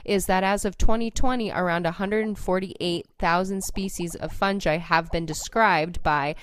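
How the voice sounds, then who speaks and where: A woman co-hosting a casual science podcast, eagerly explaining facts in quick bursts that trail off softly. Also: fairly low pitch, steady tone, clean tone. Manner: enthusiastic explainer, fast bursts with trailing soft endings. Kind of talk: casual educational chat.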